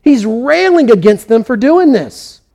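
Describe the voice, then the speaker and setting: A man's voice: very high voice, very animated, measured pace, gravelly, mellow. A man preaching a sermon, telling the story with energy and acting out the quoted kings and prophets in his own voice. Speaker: pastor.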